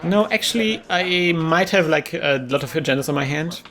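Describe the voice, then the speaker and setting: A man casually commentating his own tournament card game, chatty and quick to laugh, often restarting words. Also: a little high, lively intonation, a bit bright.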